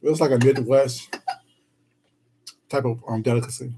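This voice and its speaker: A man's voice: medium pitch, steady tone, unhurried, mellow, slight background noise, rough recording. A man live-streaming himself eating, chatting casually and greeting viewers in the chat with pet names like "baby" and "sweetheart".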